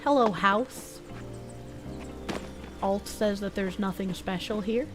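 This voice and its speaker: A woman's voice: medium pitch, slow pace, low-quality recording. A woman streamer giving casual commentary while she plays, chatting to the game's characters and swearing casually. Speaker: game streamer. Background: game music.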